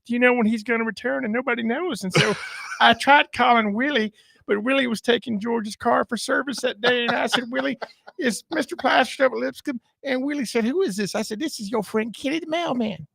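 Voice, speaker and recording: A man putting on a chatty, scatterbrained mailman with a high, gravelly voice that sounds bright and pinched. He rambles on in long run-on sentences, close and dry on a studio mic. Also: fairly quick, no room sound, exaggerated voice. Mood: rambling. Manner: long breathless run-on tale.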